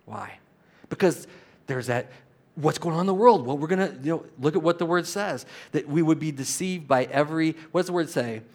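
A male pastor preaching a sermon, animated, swinging between loud exhortation and quiet asides and laughing often. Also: fairly high pitch, fairly quick.

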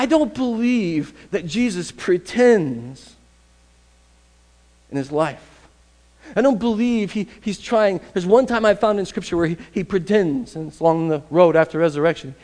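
High-voiced man preaching conversationally. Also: a little mellow. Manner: conversational, emphatic, repeats phrases for stress. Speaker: pastor. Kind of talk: sermon.

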